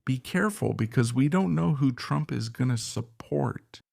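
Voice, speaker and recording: Gravelly man giving emphatic commentary. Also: mid-range voice, animated, moderate pace, darkish tone, no room sound, clean studio sound. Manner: emphatic, repeats points and fires rhetorical questions. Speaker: political commentator. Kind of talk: opinionated current-affairs commentary.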